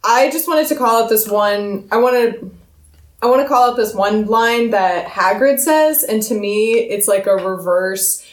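A woman in casual book discussion, talking with animated energy and reading quoted lines aloud. Her voice sits at a middle pitch. The room gives it a noticeable echo. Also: unhurried. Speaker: book podcast co-host. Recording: roomy echo.

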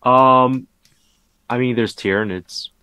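A man's voice: medium pitch, steady tone, takes it slowly, sharp tone, clear, resonant tone, dry recording. A man co-hosting a podcast in casual gaming chat, wry and skeptical, with many fillers. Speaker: podcast co-host.

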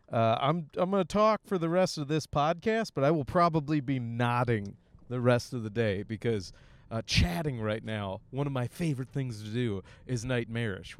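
Riding a bus, a young Michigan man who does stand-up hosts his own podcast, tossing out crude, rambling jokes in a casual, animated way with abrupt high-pitched bits. The recording is dry, with a clean tone and clean studio sound.

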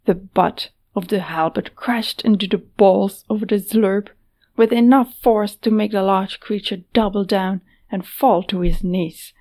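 Woman narrator, measured fantasy storytelling, slow pace with vocal fry. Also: mid-range voice, dark tone. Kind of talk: audiobook narration.

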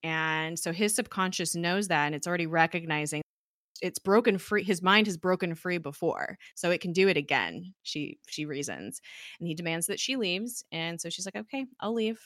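A woman with a bright, lightly low voice recaps a show in casual podcast chat. She slips into quick quoted asides and laughs often, recorded close and dry with no room sound. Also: expressive, no room sound. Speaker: podcast co-host.

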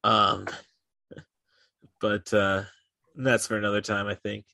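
A fairly low-pitched young man, chatting casually as a podcast co-host. His voice is bright and forceful, and he rambles along with plenty of "like" and "uh." The sound is dry and close, with no room around it. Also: little pitch movement, takes it slowly, creaky, no room sound. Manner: rambling, heavy on "like" and "uh" fillers. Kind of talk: casual chat.

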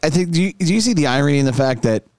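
A man's voice: fairly high pitch, lively intonation, very fast, a little mellow, dry recording. A man co-hosting a podcast in casual chat, with sarcastic, profane asides. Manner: sarcastic, swearing, laughing asides. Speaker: podcast co-host.

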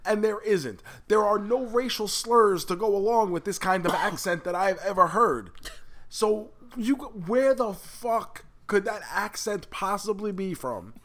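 Animated higher-voiced man riffing. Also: a little slow. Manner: animated, swears freely, exaggerates for laughs. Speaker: podcast co-host. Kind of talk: casual pop culture chat.

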